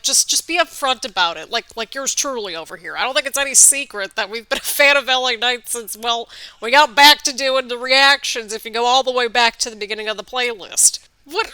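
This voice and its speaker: Bright, chatty woman reacting to wrestling. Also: sits high, clean tone, dry recording. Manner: chatty and excitable, quick laughs and playful asides. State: stuffy nose from allergies. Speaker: wrestling reaction video host. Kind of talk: casual live reaction commentary.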